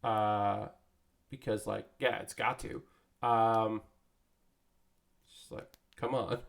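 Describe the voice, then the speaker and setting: A man's voice: lowish voice, fairly even intonation, slow pace, gravelly. A man hosting a casual live stream, chatting in a rambling way with many fillers while he assembles a model kit. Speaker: streamer building model kits.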